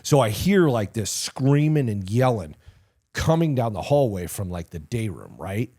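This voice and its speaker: A middle-aged man, a retired army sergeant major, tells war stories in a casual interview, animated and profane, peppering his talk with "like" and "you know." His voice is lowish and slightly rough, and he speaks unhurriedly.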